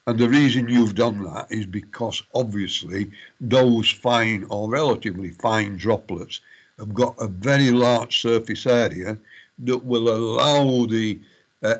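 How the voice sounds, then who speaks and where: A middle-aged man giving a university lecture, formal but hesitant, full of fillers and restarts. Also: lowish voice. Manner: addresses students formally as ladies and gentlemen.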